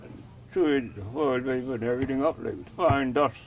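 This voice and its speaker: An older Bahamian man tells a story from his own life with vivid, dramatic energy and slips into the voices of the people in it. The sound is dull and lo-fi, with clear noise behind him. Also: medium pitch, brisk. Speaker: Rastafarian elder telling his life story. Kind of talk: storytelling in an interview.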